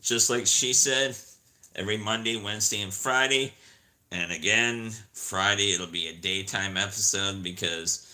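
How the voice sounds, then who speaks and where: A man's voice: fairly low pitch, moderate pace, sharp tone. A man co-hosting a live stream in casual chat, chatty, often trailing off and restarting.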